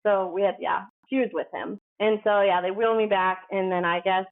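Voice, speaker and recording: Female guest, rambling storyteller voice, mid pitch, narrow phone audio. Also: steady tone, brisk. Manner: chatty, heavy use of "like", acts out quoted dialogue. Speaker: podcast guest. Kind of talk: casual storytelling.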